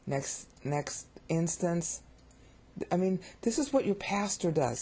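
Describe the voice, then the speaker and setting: Mellow, husky woman teaching Bible grammar. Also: low voice. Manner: explains grammar step by step, repeating key words for emphasis; informal and digressive, with frequent restarts and asides. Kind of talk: recorded Bible study lecture.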